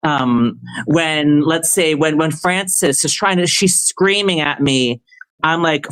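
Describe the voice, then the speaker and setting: A man's voice: a little high, slow pace, fairly bright tone, smooth, poor audio. A man in casual livestream chat, answering a question in a rambling way, full of restarts and stammers, turning heated and confrontational as he rants. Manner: heated and confrontational when ranting.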